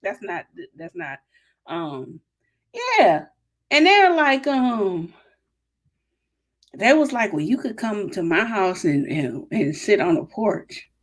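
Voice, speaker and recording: A woman's voice: mid-range voice, big pitch swings, takes it slowly, pauses often. A woman with a Detroit accent hosts her own podcast, chatting through a live Q&A. She rambles through stories and asides and laughs easily. The talk is loose and casual, as if streamed live from home. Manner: chatty, storytelling, laughs and drifts off-topic. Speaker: podcast host.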